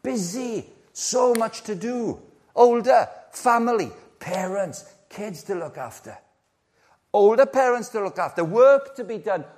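A man, preaching a sermon in a lively, conversational way, full of rhetorical questions and playful asides. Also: high voice, a little slow. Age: 60s.

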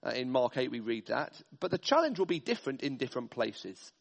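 A man's voice: mid-range voice, very animated, fairly quick, creaky, long reverb tail. A man preaching a sermon, working through slides with emphatic, list-like stresses. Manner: emphatic, speaks in stressed lists.

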